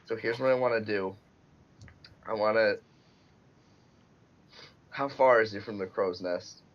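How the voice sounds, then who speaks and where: A man playing a tabletop game over a call, animated and quick to cry out at bad luck. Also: fairly low pitch, highs cut off. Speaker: player. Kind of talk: casual chat over a video call.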